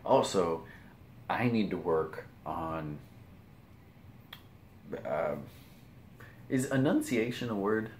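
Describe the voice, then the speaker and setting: A man from the US Pacific Northwest with a low, deep voice, chatting in a loose morning vlog ramble. He restarts his phrases, laughs at himself and lets his words come out a little mumbled. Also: animated, takes it slowly, long pauses, a little hiss or hum. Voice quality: slightly mumbled. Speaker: vlogger. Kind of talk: casual morning ramble to camera.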